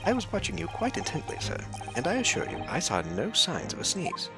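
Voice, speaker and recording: A man's voice: on the high side, wildly swooping pitch, brisk, creaky, loud music behind the voice, heavily acted. A man voicing a pompous upper-class detective in a game, speaking grandly and theatrically.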